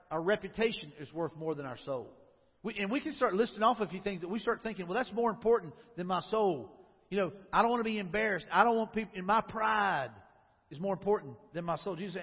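Pastor, man, high husky voice, chatty sermon full of questions to the room, lo-fi recording with long hall reverb. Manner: conversational preaching with rhetorical questions.

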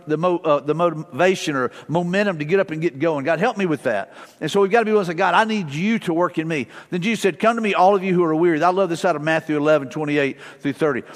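High-voiced folksy preacher in a big hall. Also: male voice. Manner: folksy and conversational, with family stories and repeated prayers. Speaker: pastor. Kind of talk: sermon. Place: church sanctuary. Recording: long church-hall reverb.

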